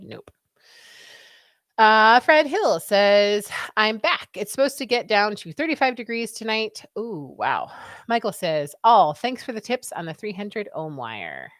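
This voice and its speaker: A woman's voice: medium pitch, fairly bright tone, no echo, studio quality. A woman co-hosting a casual livestream, chatting and reading viewer comments aloud. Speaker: livestream co-host reading chat. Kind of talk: casual chat.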